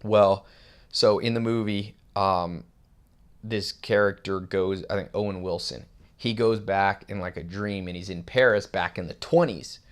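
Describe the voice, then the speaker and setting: A man's voice: sits low, fairly even intonation, unhurried. A man giving a rambling, conversational motivational talk with emphatic bursts. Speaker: self-help host. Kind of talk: casual motivational monologue.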